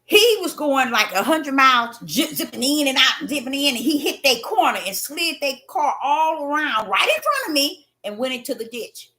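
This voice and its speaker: Hosting a spiritual talk, a woman with a high voice tells stories animatedly and emphatically, swinging between loud and hushed. She speaks at normal speed with hardly any pauses.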